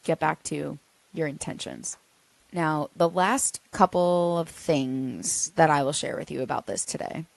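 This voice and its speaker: A woman hosts her own podcast, talking listeners through hard feelings in an earnest, coaching way. Her voice sits a little low and is recorded close and dry. She softens to a near hush when she says comforting words. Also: no echo. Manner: earnest, gently coaching, drops to a soft hush when voicing reassurance. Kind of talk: reflective solo podcast talk.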